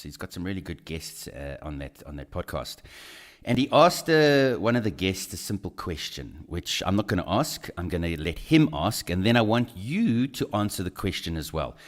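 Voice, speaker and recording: Deep-voiced man co-hosting morning radio, chatty and meandering. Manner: conversational, hesitant with fillers. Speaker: radio co-host. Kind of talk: talk radio chat.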